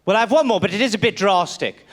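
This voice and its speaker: A man's voice: sits high, expressive, fast. A man doing a pompous old colonial Englishman. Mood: scheming. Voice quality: stiff formal diction.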